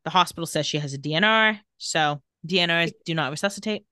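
A woman's voice: on the low side, quick pace, smooth, no room sound, studio quality. A woman co-hosting a podcast, animatedly retelling TV scenes and quoting the characters' lines in casual chat. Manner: animated retelling with quoted dialogue. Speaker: podcast co-host recapping a TV episode.

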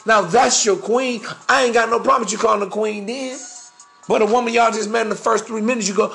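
Podcast host, male, fairly high voice with gritty fry, blunt and profane, lecturing with faint music underneath. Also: fairly even intonation, fairly quick, fairly bright tone. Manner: blunt, profane, preachy, slangy. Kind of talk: casual monologue.

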